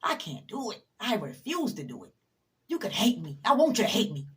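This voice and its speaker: A woman's voice: medium pitch, very animated, moderate pace, long pauses, a bit bright. A woman talks straight to the camera with a motivational message. She is blunt and emphatic, swears freely, and lectures the viewer directly. She sounds a little tired. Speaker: motivational vlogger. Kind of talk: casual motivational talk to camera.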